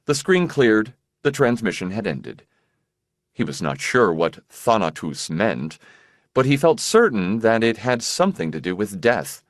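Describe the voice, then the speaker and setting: A man narrating an audiobook in a measured, expressive reading voice. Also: lowish voice, dry recording, clean studio sound. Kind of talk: scripted narration.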